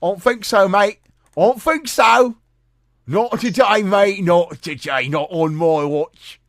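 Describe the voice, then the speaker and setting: A man's voice: sits high, slow, a bit bright, dry recording, studio quality, pitched above the performer's own voice, exaggerated voice. A man mimicking a smug male police officer, with a sneering, sing-song delivery. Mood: mocking.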